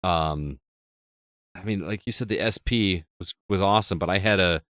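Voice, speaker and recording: A man hosting a casual podcast chat, relaxed and nostalgic, steering the talk to his co-hosts. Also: sits low, normal speed, no echo, clean studio sound. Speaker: podcast host.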